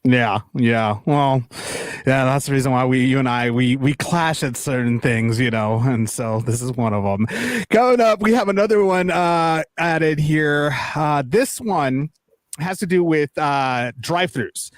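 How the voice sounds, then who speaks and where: A man's voice: medium pitch, a little slow, no echo, studio quality. A man co-hosting a podcast, chatting casually and laughing as he introduces clips. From Latino. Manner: laughing, lively, rambling with fillers. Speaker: podcast co-host. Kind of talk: casual chat reacting to clips.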